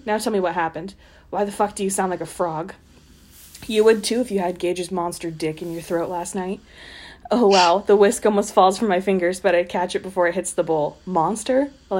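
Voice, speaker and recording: A woman with a voice of ordinary pitch reads a racy novel aloud in a plain, steady way. She breaks off into sarcastic, laughing commentary on what she has just read. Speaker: podcast co-host reading a novel aloud. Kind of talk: reading aloud with mocking commentary.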